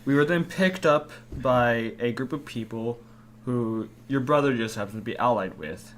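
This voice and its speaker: A man's voice: mid-range voice, moderate pace, a little hiss or hum. A man playing a tabletop game, explaining things at length in character. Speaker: player. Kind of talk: casual tabletop game chat.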